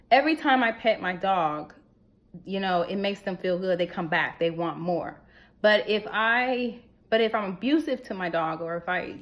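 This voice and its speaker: A young adult woman talks straight to wives about marriage in a casual, preachy way. She presses her points with rhetorical questions and repeats them for emphasis. Her pitch sits in an ordinary middle range. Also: fairly bright tone. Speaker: marriage advice speaker. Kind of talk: casual advice talk to wives.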